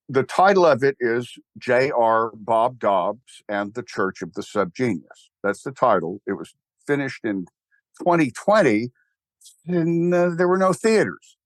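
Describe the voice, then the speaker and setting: An older man with a Texan accent, an interview guest talking casually in a rambling, animated and wry way. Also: mid-range voice, no room sound. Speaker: interview guest, church founder.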